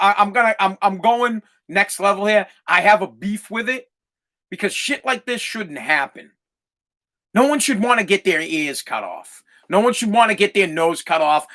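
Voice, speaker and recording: A man's voice: sits high, bright, forceful tone. A man in his thirties hosting a podcast, ranting bluntly with lots of swearing and telling stories about his father. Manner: blunt, profane, heated storytelling. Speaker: podcast host. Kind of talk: ranting monologue.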